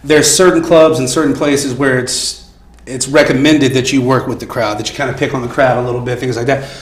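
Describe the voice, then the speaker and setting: Man, comedian from virginia, casual interview chat, easygoing storyteller, laughs often, mid-pitched voice. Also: steady tone, brisk. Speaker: comedian guest.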